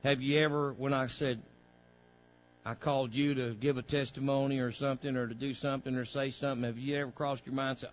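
A man preaching a sermon as pastor, calling out to the congregation and swelling into fervent, loud passages. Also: medium pitch, level tone, brisk, dull audio. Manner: preaching with call-outs to the congregation, rising to loud fervor.

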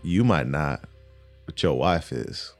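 Deep-voiced man, coaxing and menacing. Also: animated, soft background music. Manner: slow, coaxing, quietly menacing. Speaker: player. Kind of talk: in-character tabletop role-play.

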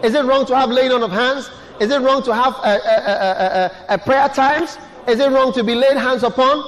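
A man with a strikingly high voice preaches a sermon, pressing his congregation with repeated questions. His words ring out through a large church hall, trailing a long reverb. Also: moderate pace. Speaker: pastor.

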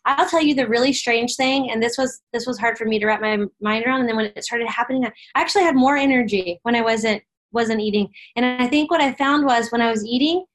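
A woman's voice: on the high side, a little fast, few pauses. A woman in casual conversation, reflectively sharing her own experience. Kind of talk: casual chat.

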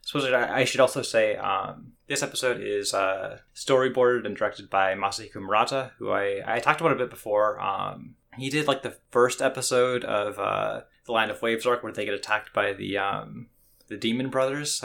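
A man's voice: on the low side, fairly quick, creaky, a bit bright. A man co-hosting an anime podcast, talking casually in a rambling way with lots of restarts and fillers. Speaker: podcast co-host.

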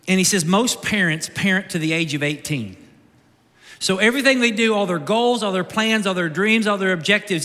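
A man's voice: high-pitched, pushed and bright. A man preaching a sermon as pastor, urging his congregation with repeated, exhorting refrains. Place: large church sanctuary. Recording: long reverb of a big hall.

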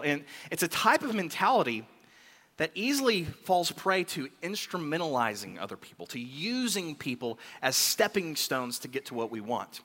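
Preacher guy, bright punchy voice, long echo like a big church, tells the story with lots of drama. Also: fairly high pitch, moderate pace. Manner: animated storytelling, acts out the king's words. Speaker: pastor. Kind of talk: sermon. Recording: long hall reverb.

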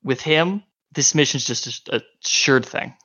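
A man playing a slick salesman giving a showy pitch for his crew. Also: normal speed, pushed and bright. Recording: slightly muffled lo-fi audio.

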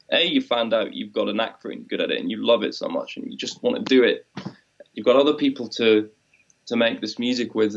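A man's voice: mid-range voice, gravelly, highs cut off. A man chatting casually about making music, rambling and reflective, sometimes acting out quoted voices. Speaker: musician co-host. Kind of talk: casual chat.

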